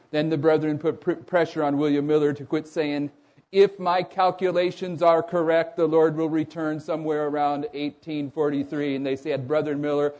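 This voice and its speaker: A man's voice: fairly high pitch, darkish tone. A man preaching a sermon to a congregation, asking them questions and often breaking off to restart a phrase. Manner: asks the audience rhetorical questions; stumbles and restarts mid-phrase.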